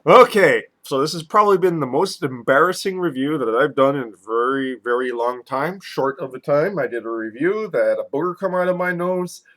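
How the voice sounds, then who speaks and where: A man's voice: fairly high pitch, moderate pace, few pauses. Drunk man rambling through a review. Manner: loose, rambling, swinging loud and soft. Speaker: liquor reviewer. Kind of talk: casual review vlog.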